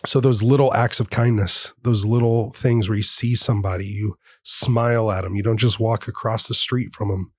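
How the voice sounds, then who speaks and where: A man's voice: on the low side, steady tone, moderate pace, hardly any pauses, no room sound. A man in his thirties, a podcast host, telling a personal story in an earnest, heartfelt way and acting out the dialogue. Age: 30s. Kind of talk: personal storytelling in casual conversation.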